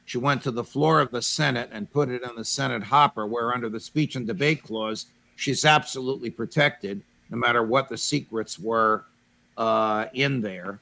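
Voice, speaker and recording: A man's voice: medium pitch, moderate pace, vocal fry. A man hosting an online roundtable, telling anecdotes with energy and putting pointed questions to his guests over a remote call. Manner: storytelling, animated, asks pointed questions. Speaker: show host. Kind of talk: roundtable discussion.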